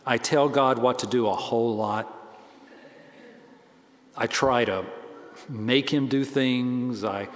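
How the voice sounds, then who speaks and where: A man priest giving a conversational, self-deprecating sermon with animated swings in pitch and volume. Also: slow, long pauses, big-room sound.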